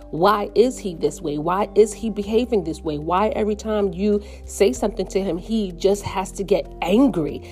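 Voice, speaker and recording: A middle-aged woman and mother speaking earnestly in a reflective personal monologue, slowing down when things get painful. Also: fairly low pitch, a little mellow. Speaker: mother sharing her story.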